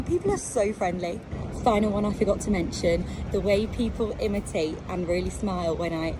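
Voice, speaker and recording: A woman's voice: medium pitch, fast, noisy background. A chatty, upbeat English woman, a reporter, talking casually to camera. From England.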